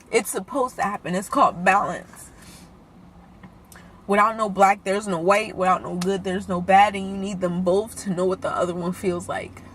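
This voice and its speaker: With some background noise in the recording, a medium-pitched woman talks in a raw, emotional vlog. She curses openly and sounds on the verge of tears throughout.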